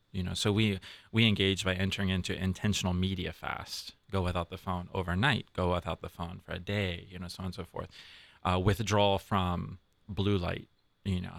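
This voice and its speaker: A man's voice: deep voice, gravelly, fairly bright tone, no echo. A man, a priest who forms seminarians, chatting casually in a podcast and often laughing and asking "you know?".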